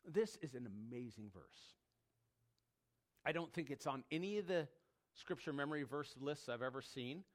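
A man's voice: medium pitch, animated, moderate pace, long pauses. A man preaching a sermon, emphatic, repeating key words and dropping his voice when quoting scripture. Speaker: pastor.

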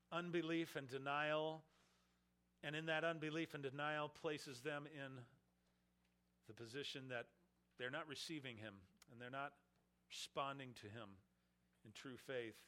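Male preacher, slightly high, bright and forceful; emphatic expository sermon. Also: fairly even intonation, normal speed. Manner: emphatic, swelling and dropping in volume.

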